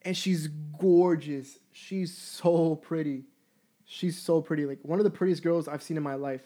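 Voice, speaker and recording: A man in his twenties telling a story in a casual, candid and profane way, animated as he goes. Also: a little high, a little slow. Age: 20s.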